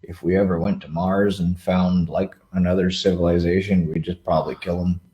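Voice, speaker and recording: A man's voice: sits low, level tone, a little fast, muffled recording. A man guesting on a podcast as a singer, talking in a laid-back, agreeable casual chat with short reactions.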